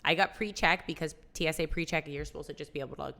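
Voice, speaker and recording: A woman's voice: low-pitched, fast, pushed and bright. A young woman co-hosting a casual podcast chat, telling an emotional personal story and acting out the dialogue. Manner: emotional storytelling, acts out quoted dialogue, many "like"s. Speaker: podcast co-host.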